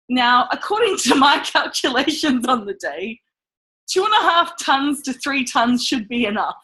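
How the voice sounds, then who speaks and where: A woman's voice: sits high, big pitch swings, moderate pace, bright, forceful tone, rough recording. A woman co-hosting a casual podcast, blunt and self-mocking, swearing freely in her anecdotes. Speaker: podcast co-host.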